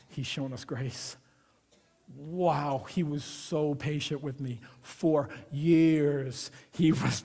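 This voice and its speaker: A man preaching a Christmas Eve sermon in a church, conversational and personal, dropping to hushed lines and rising to loud, playful asides. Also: on the high side, slightly rough. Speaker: pastor. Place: church sanctuary. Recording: long hall reverb of a church.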